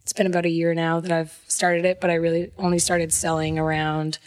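A woman from Cape Breton, a podcast guest, talking in a relaxed, matter-of-fact way in a room of a big old house. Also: on the low side, fairly quick, no echo. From Cape Breton, Canada. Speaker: podcast guest, jewelry maker and fly fishing guide. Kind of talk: casual podcast chat.

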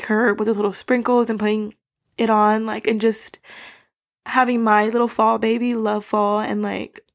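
A young woman hosting a casual solo podcast, rambling and laughing between fillers. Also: mid-range voice. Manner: rambling, giggly, many fillers. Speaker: podcast host.

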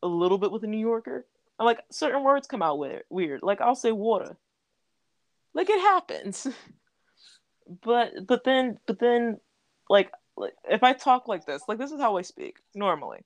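A woman's voice: on the high side, lively intonation, normal speed, no echo. A young adult woman talking in casual podcast chat, laughing often and using lots of fillers. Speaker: podcast co-host.

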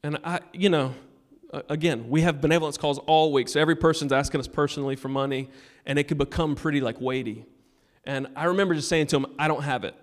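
A male pastor giving a sermon, telling a personal story and urging the congregation, moving between loud appeals and hushed moments. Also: on the high side, fast. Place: church sanctuary.

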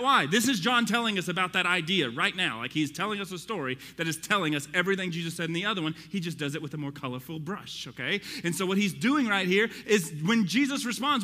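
A man teaching a Bible study to people in the room, in an excitable, conversational way that speaks straight to his listeners. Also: sits high, big-room sound.

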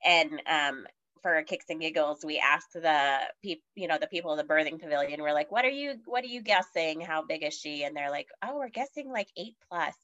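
A woman's voice: deep voice, expressive, normal speed, pushed and bright. Chatty woman telling her story, lo-fi. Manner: chatty, many fillers, acts out quoted voices. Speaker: podcast guest. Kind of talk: casual personal storytelling. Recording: dull lo-fi audio.

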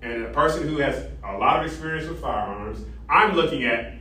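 A man lecturing an ethics class, animated and interactive, quizzing students and tagging sentences with "right?". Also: mid-range voice, brisk, recorded from a distance. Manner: animated, asks the class questions, frequent "right?". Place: large echoey classroom. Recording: echoey classroom recorded from afar.

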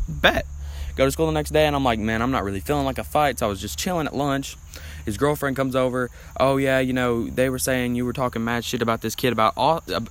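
Young male podcast guest, bright voice, loose rambling delivery full of fillers. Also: mid-range voice, poor audio. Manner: rambling storytelling with many fillers. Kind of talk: casual chat.

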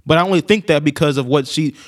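A man's voice: on the high side, fast talker. Laid-back slangy podcast co-host man. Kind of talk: casual chat.

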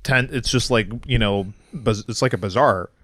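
A man's voice: fairly low pitch, normal speed, a bit bright, no echo, clean studio sound. A man in a casual podcast chat, blunt and profane, telling anecdotes.

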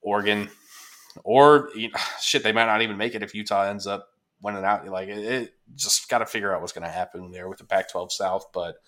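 Low-voiced laid-back man hosting a podcast. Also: brisk. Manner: relaxed, laid-back, with frequent fillers and mild swearing. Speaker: podcast host. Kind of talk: casual sports chat.

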